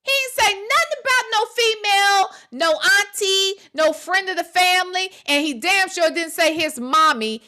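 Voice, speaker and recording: A woman's voice: very high-pitched, lively intonation, moderate pace, hardly any pauses, sharp tone. A woman hosting a reaction commentary on a video clip, talking bluntly and profanely with exasperation and repeating phrases for emphasis. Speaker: gossip commentary host.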